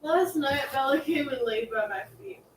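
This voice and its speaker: A woman talking softly off to the side, doting on a dog, heard from a distance. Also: high-pitched, expressive, moderate pace, a little hiss or hum. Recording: roomy and distant from the mic.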